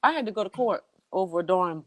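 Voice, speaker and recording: A woman's voice: fairly low pitch, fast, over a noisy crowd. A woman guest telling a funny story with lots of energy, laughing and acting out voices as she goes. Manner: lively, acts out voices and laughs while telling. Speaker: guest singer. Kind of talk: animated storytelling.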